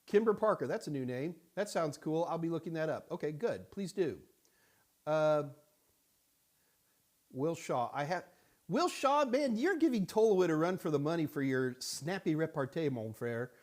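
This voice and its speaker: In a Houston studio, a male host takes viewer questions on a live-stream Q&A, joking around, chatting casually, and calling out viewers by name. His voice sits a little high and a little mellow, very animated at a normal speed.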